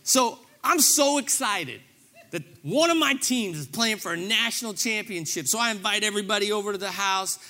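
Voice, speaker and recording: A man's voice: high voice, fast talker, hardly any pauses, bright, forceful tone. A middle-aged man preaching a sermon, telling a story with self-deprecating humor and acting out his own reactions. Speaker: pastor.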